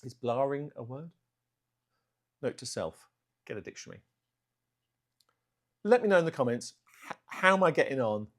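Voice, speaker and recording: A man talking unscripted to camera for his art channel vlog. He speaks in a self-aware way and works on slow, deliberate delivery, though fillers still slip in. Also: mid-range voice, very animated, fairly bright tone. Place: indoors, room at home.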